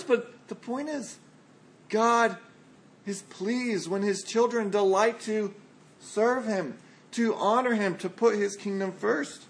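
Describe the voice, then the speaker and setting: A male pastor delivers a sermon in a high, clear voice. He talks conversationally but with emphasis, and he often poses rhetorical questions to his listeners. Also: a little slow.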